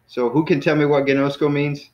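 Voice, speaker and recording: A man's voice: a little high, fairly quick. Casual man teaching in a roomy classroom. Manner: relaxed, lots of fillers and self-corrections. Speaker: Greek teacher. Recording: roomy, dull lo-fi classroom recording.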